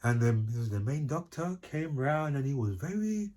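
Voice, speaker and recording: A young adult man with a mid-range, sing-song, slightly mellow voice talks at normal speed. Co-hosting a couples channel, he chats easily, laughs a lot, and keeps checking he's understood by repeating "if you get what I mean."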